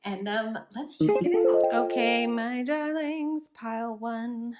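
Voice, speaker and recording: A woman's voice: a little high, steady tone, takes it slowly, over loud music. Gushing, affectionate woman tarot reader. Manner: gushing and affectionate, many ums and likes. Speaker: tarot reader and channel host. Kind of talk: casual tarot reading to camera.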